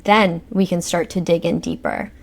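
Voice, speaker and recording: A woman's voice: on the low side, steady tone, moderate pace, gravelly. Woman guest explaining through questions. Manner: explanatory, runs through lists of guiding questions. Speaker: guest, hormone and cycle coach. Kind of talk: conversational interview.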